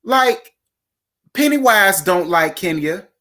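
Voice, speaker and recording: A host recapping reality TV episodes in casual commentary, blunt and profane, talking straight to the viewers with sudden jumps in pitch and speed. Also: animated, takes it slowly, pushed and bright. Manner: blunt, profane and opinionated, addressing viewers directly.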